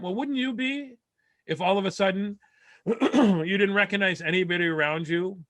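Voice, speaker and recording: A man with a fairly high, bright voice tells a long comic story about his family over a video call. He rambles along, stammers through restarts and laughs at his own punchlines. The sound is dry and close, with no room around it. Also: normal speed, no room sound. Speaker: comedian.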